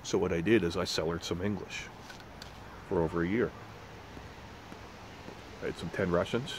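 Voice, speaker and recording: A man's voice: deep voice, normal speed, slight background noise, rough recording. A man casually rambling in a vlog about pipe tobacco, often restarting his sentences and swearing. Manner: rambling, profane, self-correcting.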